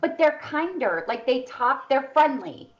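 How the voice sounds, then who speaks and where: A woman from Pennsylvania chats in an unhurried drawl, her fairly high voice swinging widely in pitch. She laughs often. The recording sounds muffled and lo-fi. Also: very animated. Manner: laughs often, slow and drawn out. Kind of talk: casual chat. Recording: dull lo-fi sound.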